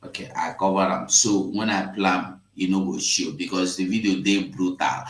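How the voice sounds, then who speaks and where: A man with a Nigerian Pidgin accent hosting a casual live stream, emphatic and repetitive, jumping from loud bursts to hushed asides. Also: sits low, steady tone, normal speed, echoey room. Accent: Nigerian Pidgin English.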